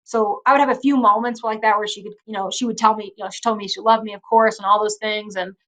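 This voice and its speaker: Casting note: young adult woman, interview guest, soft and halting, lots of "like" and "you know". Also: mid-range voice, steady tone. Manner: soft-spoken, heavy use of fillers like "like" and "you know". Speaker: guest wrestler. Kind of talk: emotional interview conversation.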